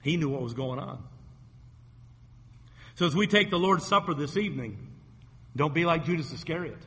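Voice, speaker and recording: A man's voice: a little high, lively intonation, normal speed, fairly bright tone, in a large hall. A man preaching a sermon as a pastor, retelling scripture stories vividly and acting out the quoted voices.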